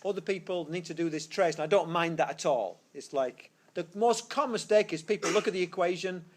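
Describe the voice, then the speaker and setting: High in pitch and slightly quick, a man lectures on physics in a classroom full of students. His explanations unfold step by step as he thinks out loud and fixes his own mistakes, recorded through a tablet screencast microphone.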